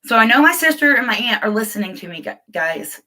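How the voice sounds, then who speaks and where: Chatty woman on a bright live stream. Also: a little high, sing-song, fast. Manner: chatty, rambling, laughs often, greets viewers by name. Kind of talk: casual live chat.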